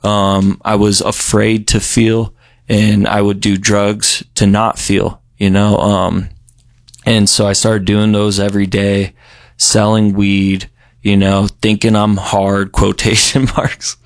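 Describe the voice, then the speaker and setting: Young guy from colorado, lowish flat voice, rambling casual story full of um and you know. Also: slow pace, no room sound, clean studio sound. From Colorado, USA. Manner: relaxed, rambling, heavy on fillers like "you know" and "um". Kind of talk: casual recovery story interview.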